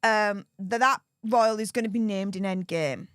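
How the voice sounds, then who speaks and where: A woman's voice: mid-range voice, normal speed, fairly bright tone, clear, resonant tone, no echo, studio quality. A woman, giving casual opinion commentary and posing rhetorical questions to her viewers. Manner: chatty, rhetorical questions, speculative. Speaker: commentary vlogger.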